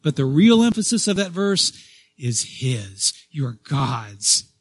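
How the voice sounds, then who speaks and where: A man preaching a sermon as pastor, stressing key phrases loudly, then dropping to a soft voice, and restarting phrases as he goes. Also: on the high side, very animated, takes it slowly, slightly rough, no echo. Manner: repeats and restarts phrases as he speaks.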